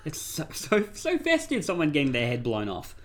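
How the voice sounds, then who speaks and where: A man co-hosting a podcast in casual chat, talking in an excited, animated way. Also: a little high, normal speed, slight background noise. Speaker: podcast co-host.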